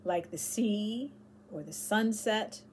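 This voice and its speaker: A woman narrating a children's chapter book aloud with expressive storytelling. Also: medium pitch, slow, a little hiss or hum.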